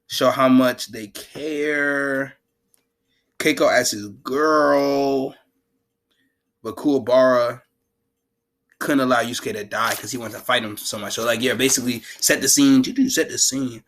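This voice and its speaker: A man giving a casual, animated anime recap in heavy slang, laughing often. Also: mid-range voice. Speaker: anime commentator.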